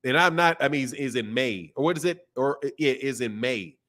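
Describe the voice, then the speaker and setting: A man's voice: mid-range voice, animated, normal speed, fairly bright tone. A man hosting a boxing livestream, talking loosely and casually in slang with frequent restarts while reading out viewer chats. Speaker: boxing channel host.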